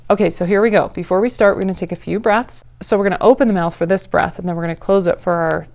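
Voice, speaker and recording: A woman teaching a yoga breathing practice in a casual, encouraging way, with playful asides and breathy demonstration sighs. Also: lowish voice, steady tone, a little mellow. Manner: breathy sighs and drawn-out ahs while demonstrating. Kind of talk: guided yoga class instruction.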